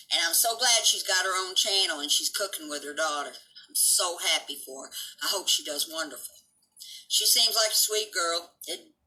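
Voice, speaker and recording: An older woman rants on a casual live stream in a blunt, profane, gossipy way. Her voice sits a little low but has a sharp, tense, cutting edge. She greets viewers by name between her complaints. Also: poor audio. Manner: coos baby talk at her dog.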